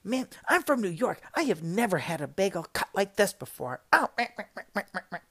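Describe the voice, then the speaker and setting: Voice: mid-range voice, very animated, a little fast, a bit bright, breathy edge, voice pushed up, full character voice. A podcaster voicing an irate middle-aged woman customer from New York, ranting indignantly.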